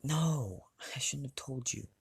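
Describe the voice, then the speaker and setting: A man voicing an anxious, protective mother of a teenage boy in a read-aloud fan story, pleading and halting with restarts. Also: mid-range voice, creaky, breathy edge, dry recording, voice pushed up, exaggerated voice. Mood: worried.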